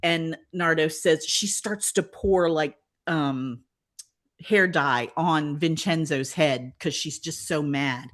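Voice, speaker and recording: An older woman co-hosting a podcast, retelling a TV episode in a casual chat and acting out the characters' lines. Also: slow. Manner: animated storyteller, acts out quotes with big pitch jumps. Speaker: podcast co-host.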